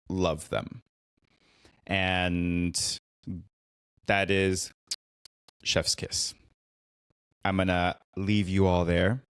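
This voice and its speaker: A man with a lowish voice talks slowly through a solo podcast, speaking as a therapist. He is reflective and earnest and comes back to his main point again and again. The sound is dry and close on the mic. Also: clean tone, no echo. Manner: reflective, earnest, repeats key phrases. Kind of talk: solo podcast recap and commentary.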